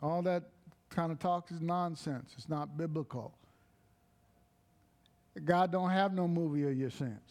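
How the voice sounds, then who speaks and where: A man preaching a sermon, slow and emphatic, breaking into short exclamations of praise. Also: fairly high pitch, a little mellow.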